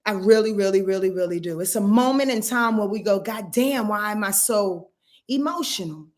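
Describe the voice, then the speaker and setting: A woman's voice: mid-range voice, normal speed, darkish tone. A woman giving a casual astrology forecast, talking in an earthy, emphatic way and swearing freely.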